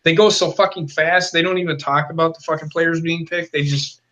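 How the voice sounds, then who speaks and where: A man's voice: fairly high pitch, steady tone, fairly quick, pushed and bright, highs cut off. A man co-hosting a casual football talk show, ranting bluntly and swearing constantly. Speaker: co-host. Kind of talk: profane football rant.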